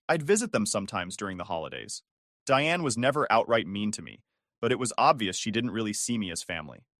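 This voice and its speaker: A man reading a first-person story aloud in a steady, scripted narration. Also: medium pitch, dry recording, clean studio sound.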